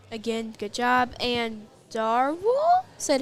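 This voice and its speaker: A woman's voice: on the high side, big pitch swings. A woman with a Texan accent co-hosting a live archery stream, speaking hesitantly with many fillers. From Texas. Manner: hesitant, filler-heavy, slow wrap-up talk. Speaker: livestream co-host. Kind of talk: casual live commentary chat.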